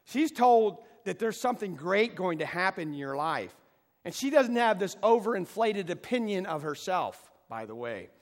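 A man's voice: high-pitched, very animated, normal speed, big-room sound. A male pastor preaching a sermon to his congregation, building to emphatic peaks and leading them in call and response. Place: church sanctuary.

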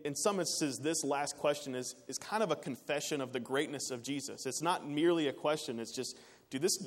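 A man preaching a sermon in an earnest way, rising to emphatic peaks and dropping quiet again. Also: on the high side. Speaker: pastor. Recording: long reverb of a large hall.

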